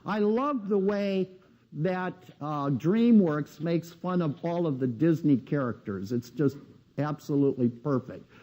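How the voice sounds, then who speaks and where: A man with a high-pitched yet mellow, dark-toned voice lectures a live seminar. He talks bluntly and needles the room with rhetorical questions. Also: measured pace, highs cut off.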